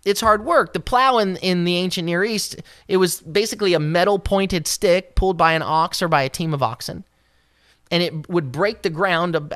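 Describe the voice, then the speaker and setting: A devotional Bible teacher with an expressive delivery who rises in pitch when acting out the words of scripture, then settles back to explain. The recording is dry and close, with no room sound. Hebrew terms are unpacked along the way. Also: no echo. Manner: expressive, voices scripture quotes with raised pitch.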